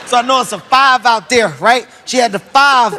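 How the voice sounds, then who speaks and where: A very high-pitched man tells comic stories at a moderate pace as a talk show guest in a TV studio before an audience. He's animated, acts out voices and laughs mid-sentence, and the studio sounds reverberant with loud noise.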